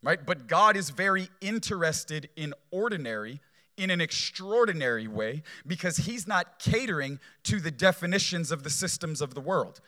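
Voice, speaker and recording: A man delivers a sermon in a bright, forceful voice that sits a little above the usual male pitch. He preaches conversationally, checking in with the listener with "right?" and circling back over his key words for emphasis. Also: animated, moderate pace. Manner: conversational preaching, frequent "right?" tags, repeats phrases for emphasis. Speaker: pastor.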